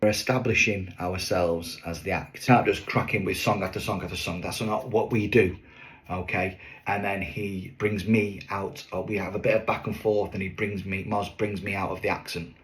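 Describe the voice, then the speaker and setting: A man's voice: sits low, normal speed. Chatty man telling a story. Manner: chatty, lively, with fillers and asides. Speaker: singing waiter performer. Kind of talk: storytelling to camera.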